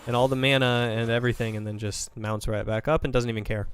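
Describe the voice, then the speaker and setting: A man's voice: medium pitch, fairly even intonation, faint music behind. Man breaking down esports plays. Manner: fast analytical breakdowns, thinks aloud. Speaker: esports caster. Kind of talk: play-by-play and analysis commentary.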